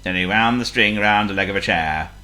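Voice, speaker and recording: A woman reading a children's story aloud, expressive and playful, asking the listener questions. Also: very deep voice, a little fast.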